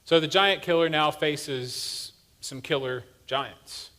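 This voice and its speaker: A man's voice: a little high, slow pace, pushed and bright. A male pastor giving a sermon in a church, telling a story in a conversational, humorous way. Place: church sanctuary.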